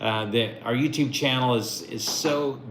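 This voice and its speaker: A man's voice: mid-range voice, a little slow, fairly bright tone. A man running a mock visa interview and coaching the applicant, encouraging and often repeating himself. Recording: echoey room with faint noise.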